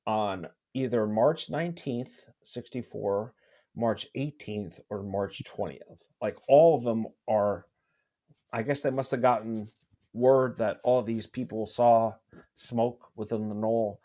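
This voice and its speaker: A man's voice: lowish voice, dark tone. A man hosting a podcast, reading testimony from documents aloud and adding commentary, with frequent halts and restarts. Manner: halting, many restarts while reading documents. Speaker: podcast host.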